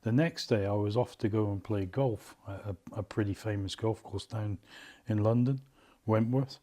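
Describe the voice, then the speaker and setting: A middle-aged father recalling the past in a documentary interview, speaking slowly and hesitantly, with frequent pauses and fillers. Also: fairly low pitch, warm tone.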